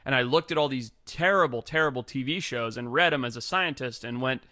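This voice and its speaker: A man's voice: mid-range voice, fairly quick, few pauses, no room sound, studio quality. A man, a guest on a podcast, telling casual stories full of swearing, saying "like" constantly and acting out the people he quotes. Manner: profane, animated, acts out quoted people; heavy use of filler "like". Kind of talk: casual storytelling.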